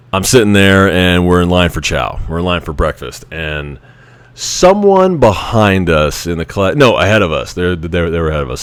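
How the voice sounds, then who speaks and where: A low-voiced man in his thirties swaps service stories in a loose, rambling way. He chuckles as he goes and keeps restarting his sentences. His voice is smooth and the sound is close and dry. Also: no room sound. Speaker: Navy veteran telling stories. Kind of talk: casual anecdotal storytelling.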